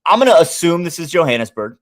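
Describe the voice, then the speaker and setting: A man's voice: on the high side, sing-song, quick pace. Chatty Midwestern man hosting a stream. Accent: Midwestern American. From American Midwest. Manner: chatty, thinking aloud, shouting out chat members. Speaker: sports betting stream host. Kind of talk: casual live-stream chat.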